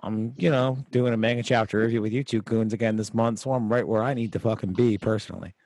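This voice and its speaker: A man hosting a podcast in a relaxed, rambling way, full of fillers. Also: on the low side, quick pace, no room sound. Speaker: podcast host. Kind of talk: casual podcast chat. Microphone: video call microphone.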